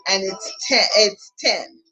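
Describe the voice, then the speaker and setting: A middle-aged woman hosting a live online flash sale, chatting with viewers in an animated, familiar way. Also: medium pitch, takes it slowly, husky, soft background music, rough recording. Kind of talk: live sales chat.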